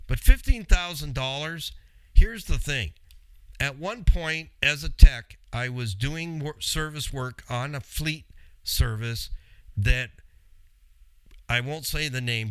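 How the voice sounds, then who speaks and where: A man's voice: medium pitch, clean tone, no room sound. A man who used to be an auto technician tells a story in a casual vlog, acting out both sides of the conversations.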